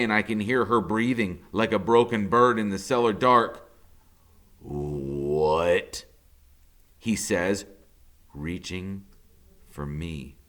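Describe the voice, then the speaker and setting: A man, a teacher, reading a novel aloud with expressive storytelling. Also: fairly low pitch. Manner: expressive storytelling, rising to intensity.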